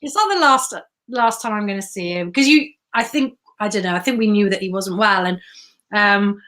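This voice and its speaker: Bright woman telling stories. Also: mid-range voice. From Wales. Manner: chatty storyteller, quick asides. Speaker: guest. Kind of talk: casual chat.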